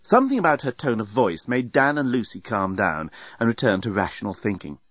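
A man narrating an audiobook in a wry, expressive storytelling manner, on a dry, slightly dull recording. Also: on the low side, a little fast, breathy edge, no room sound.

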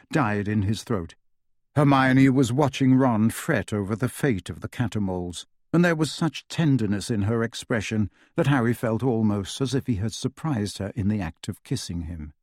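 A man narrating an audiobook in a steady, measured storytelling voice. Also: medium pitch, no room sound, clean studio sound. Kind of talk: scripted narration.

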